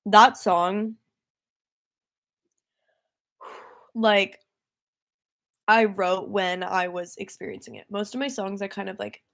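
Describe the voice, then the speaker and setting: Slow-talking, rambling young woman singer. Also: medium pitch, fairly even intonation, vocal fry. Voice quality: rambling, easily distracted, laughing often. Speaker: singer-songwriter. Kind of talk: casual livestream chat.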